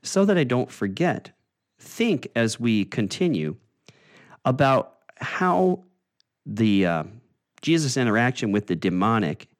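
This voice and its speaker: In a voice on the low side, a man walks through a Bible study conversationally, explaining as he goes. He often breaks off with "uh" and starts phrases over.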